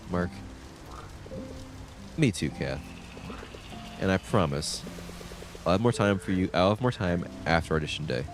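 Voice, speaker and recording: A man streaming a story game, casually reading the dialogue aloud and adding quick comments in his own voice. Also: low voice. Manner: lively, reads game lines in his own voice with quick asides.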